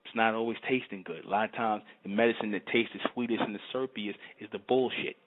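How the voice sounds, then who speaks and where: Guy preaching hard, low voice, keeps going "you understand?", sounds tinny like over a phone. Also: fairly even intonation, fast. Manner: emphatic, repetitive, often asks "you understand?". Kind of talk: fervent monologue to camera.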